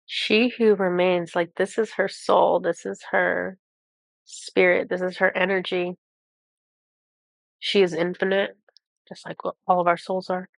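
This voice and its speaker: A woman with a cold, reading oracle cards and channeling messages for viewers in a halting, awestruck way with many pauses. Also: lowish voice, little pitch movement, gravelly, no room sound, studio quality. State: has a cold. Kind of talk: intuitive card reading to viewers.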